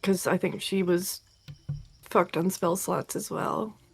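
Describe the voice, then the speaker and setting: A woman player in a tabletop game with a gravelly, creaky voice. She thinks aloud and talks hesitantly, stopping to restart her sentences. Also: fairly low pitch, fairly even intonation, takes it slowly, faint music behind. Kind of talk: casual tabletop play.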